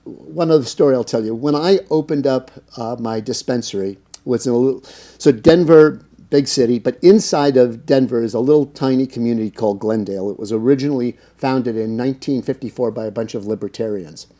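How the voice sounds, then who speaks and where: Mellow-voiced man telling stories. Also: medium pitch, a little fast. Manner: anecdotal, lots of fillers, acts out quoted dialogue. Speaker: interview guest, cannabis business owner. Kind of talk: casual storytelling interview.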